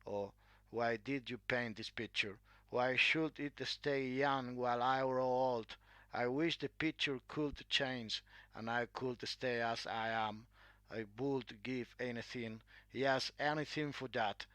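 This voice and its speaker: A man's voice: mid-range voice, fairly even intonation, slow pace, sharp tone, no room sound. A man voicing anxious vain young man. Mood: pleading. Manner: pleading, anxious.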